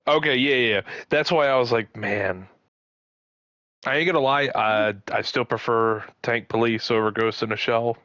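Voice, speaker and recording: A man's voice: medium pitch, steady tone, normal speed, sharp tone, dry recording. A man in casual co-host chat, laid-back and wry, swearing casually. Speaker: podcast co-host. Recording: dry, muffled lo-fi audio.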